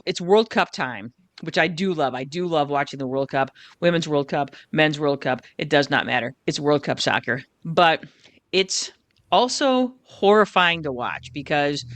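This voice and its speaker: Brief: American woman, casual podcast host, bright voice, laughs easily, swears. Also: low voice, dry recording. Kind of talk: casual chat.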